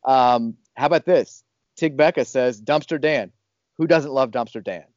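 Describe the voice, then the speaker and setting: An easygoing man hosts a podcast in loose, casual chat and reads listener reviews aloud. His voice sits in a middle pitch. The sound is dry and slightly dull. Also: moderate pace, a little mellow, no echo. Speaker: podcast host.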